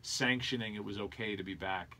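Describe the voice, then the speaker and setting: A middle-aged man speaks with a somewhat low voice. He tells a personal story in an earnest, reflective way, as a guest in a conversational interview. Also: fairly quick, pushed and bright, a little hiss or hum. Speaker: sports broadcaster and interview guest.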